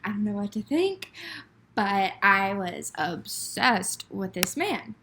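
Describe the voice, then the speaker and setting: A woman's voice: mid-range voice, sing-song, slow pace, fairly bright tone, slight background noise. A young woman in her twenties co-hosting a podcast, telling a dating story in a gushing, giggly way, full of "like". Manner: gushing, giggly, heavy use of "like". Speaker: podcast co-host. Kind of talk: casual storytelling chat.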